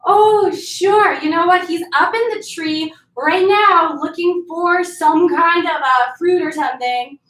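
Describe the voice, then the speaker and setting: A sly, boastful spider trickster , as a woman tells him in a workout story. He is high-voiced and casual, with a roomy sound that comes from some distance off the mic. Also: measured pace, hardly any pauses, fairly bright tone. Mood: wily. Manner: casual, exclaiming.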